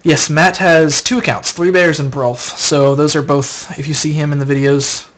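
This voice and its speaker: Young male streamer, somewhat high voice, sleepy and rambling, casual chat to viewers at a desk mic. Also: steady tone, moderate pace. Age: young adult. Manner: rambling, casual, answers viewer questions aloud. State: tired. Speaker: live streamer answering chat. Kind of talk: late-night live stream chat.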